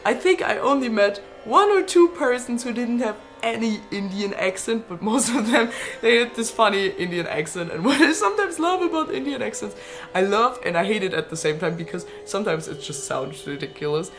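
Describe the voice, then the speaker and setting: A woman's voice: medium pitch, lively intonation, a little fast, fairly bright tone, faint music behind. A woman in her twenties chatting casually as a vlogger answering viewer questions, laughing often and swearing freely. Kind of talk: casual Q&A chat.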